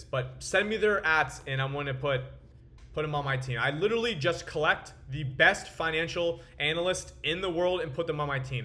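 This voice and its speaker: A man's voice: fairly high pitch, sharp tone. A young man hosting his own crypto trading channel, ranting to camera in profane, boastful market commentary with a frustrated edge. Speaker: crypto trader and video host.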